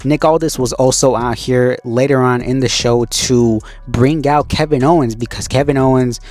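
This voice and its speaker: A man's voice: mid-range voice, fairly even intonation, normal speed, a little mellow, faint music behind. Laid-back man recapping a show. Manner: conversational, loose, with frequent "you know" and "like". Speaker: wrestling show recap host. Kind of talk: casual spoken recap.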